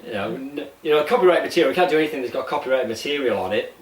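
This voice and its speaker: A man's voice: mid-range voice, animated, racing. A man co-hosting a casual podcast, rambling and restarting sentences, laughing easily. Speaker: podcast co-host. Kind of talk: casual chat. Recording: roomy, distant mic with faint ambience.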